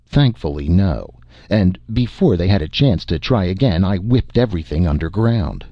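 Gloomy despairing alien commander read by a man, husky, lively pitch. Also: normal speed, dry recording, muffled recording. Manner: despairing, exasperated. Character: weary, gloomy alien base commander prone to overstatement.

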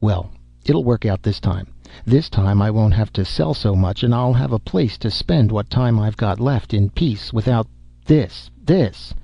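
A man's voice: lowish voice, expressive, unhurried, creaky, no room sound, full character voice. A man playing a fearful aging man. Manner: soft, pleading. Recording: dull muffled audio.

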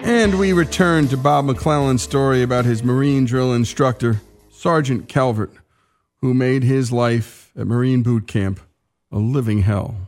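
A man hosting a radio story show with a smooth broadcast delivery. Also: mid-range voice, a little slow, a little mellow, soft background music. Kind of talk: radio segment introduction.

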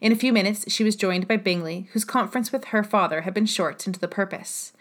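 A woman reading a classic novel aloud as an audiobook narrator, even and measured. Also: medium pitch.

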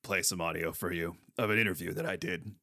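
A man with a very low, bright voice hosts a comic podcast. He hesitates constantly, filling gaps with "uh" and restarting his sentences. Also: fairly even intonation, quick pace, vocal fry, dry recording, clean studio sound. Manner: hesitant, full of "uh", awkward. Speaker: podcast host.

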